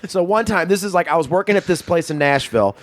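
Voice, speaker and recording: A man telling stories in a casual comedic chat on a podcast, laughing often and shouting out quoted lines. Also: high-pitched, lively intonation, fast.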